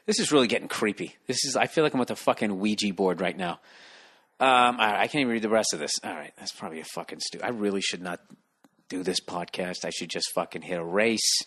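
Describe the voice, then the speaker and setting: A man's voice: lowish voice, fairly bright tone. A middle-aged man hosting a solo podcast, rambling in a sarcastic, profane rant full of asides. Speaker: podcast host.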